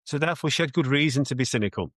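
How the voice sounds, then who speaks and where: A man's voice: mid-range voice, lively intonation, racing, fairly bright tone, no room sound. A man with a British accent, a mindset coach answering interview questions in an earnest, reflective way, often restarting his sentences.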